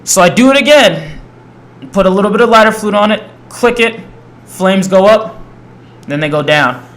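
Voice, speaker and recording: A man's voice: sits high, moderate pace. A young man casually telling a rambling personal story to camera, acting out the people in it. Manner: rambling, animated, acts out quoted voices. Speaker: storyteller vlogger.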